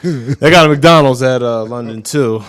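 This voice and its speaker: A man's voice: medium pitch, fairly bright tone. Man, host, casual banter, easygoing, short agreeing replies. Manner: easygoing, chimes in with quick agreement. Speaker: radio show host.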